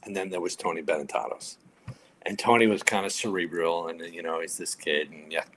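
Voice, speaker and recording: Man in his fifties, retired firefighter, casual interview, lively storyteller, voices other people's lines. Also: low-pitched, fairly quick, slight background noise. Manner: animated anecdote-telling, acting out other people's lines. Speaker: retired firefighter, podcast guest.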